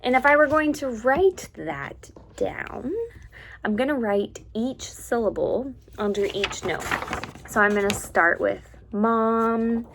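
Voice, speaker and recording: Woman music teacher, slightly higher voice, patient step-by-step lesson delivery. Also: a bit bright, slight background noise. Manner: patient, explains step by step, sings syllables slowly. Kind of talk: instructional lesson to students.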